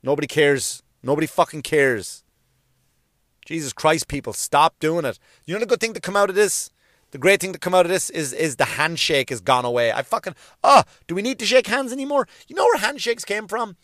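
A man's voice: on the high side, animated, fairly bright tone, no room sound, clean studio sound. Swearing man ranting. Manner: swears constantly, mimics people in quick bits. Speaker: comedian. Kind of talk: profane comic rant.

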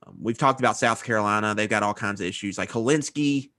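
A man's voice: on the low side, fast talker, bright, forceful tone, dry recording. Man, matter-of-fact sports talk, dry close sound, casual podcast. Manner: matter-of-fact, rattles off notes. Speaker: podcast co-host.

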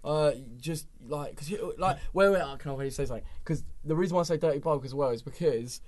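A young man chatting as a podcast guest, excitable and quick to laugh and shout back when teased. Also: fairly high pitch. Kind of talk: casual chat.

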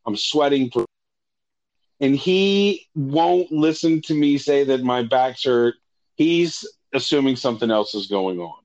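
A man's voice: mid-range voice, unhurried, lo-fi sound. Rambling, profane man telling a story. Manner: profane, self-correcting, animated when retelling dialogue. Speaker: storyteller recounting a personal ordeal.

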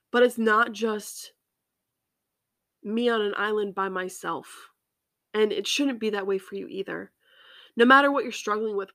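A woman hosting a faith podcast, talking earnestly and haltingly with many ums and restarts, emotional and near tears. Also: medium pitch, a bit bright, dry recording, clean studio sound. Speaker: podcast host. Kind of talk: personal faith reflection.

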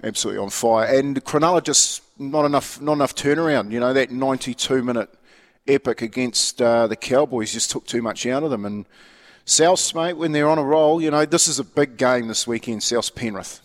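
A New Zealand-accented man co-hosts a radio show, chatting casually and rambling about sport with lots of restarts in a laid-back, matey way. His voice is medium pitch and brisk, with a big-room sound.

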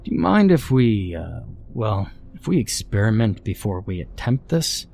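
A man's voice: on the low side, sing-song, normal speed, creaky, a little mellow, heavily acted. A man voicing a small-town mayor who reasons carefully and hesitates with fillers. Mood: hesitant.

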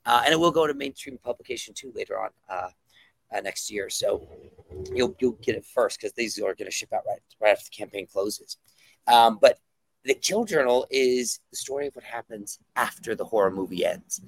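Gravelly-voiced man, enthusiastic comic writer. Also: fairly low pitch, normal speed, dry recording. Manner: enthusiastic, rambling with many fillers. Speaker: guest comic book writer. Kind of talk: casual interview talk.

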